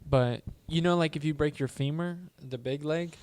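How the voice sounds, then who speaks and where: A man's voice: on the high side, normal speed, darkish tone. Goofy rambling young man on a podcast. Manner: rambling, goofy, says "dude" and "freaking" often. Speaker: podcast co-host. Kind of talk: casual podcast chat.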